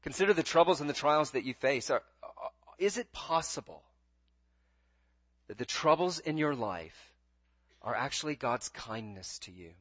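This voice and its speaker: A man's voice: mid-range voice, animated, moderate pace, a bit bright, dry recording. Earnest stammering male preacher, dull dry sound. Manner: earnest, pleading, with frequent stammered restarts. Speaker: pastor. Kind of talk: sermon.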